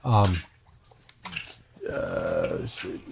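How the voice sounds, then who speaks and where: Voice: rumbling low, wildly swooping pitch, drawn-out words, vocal fry, darkish tone, a little hiss or hum. A dungeon master narrating a tabletop game at home, casual and full of ums. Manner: hesitant, many ums, casual. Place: home with family.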